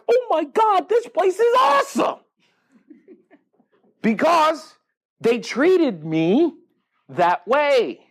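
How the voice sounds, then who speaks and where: A man's voice: high-pitched, husky. A man hosting a live seminar, telling stories and asking the audience questions, acting out the dialogue as he goes. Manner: animated storyteller, quizzes the audience, acts out dialogue. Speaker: podcast host speaking at a live seminar. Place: event room with a live audience.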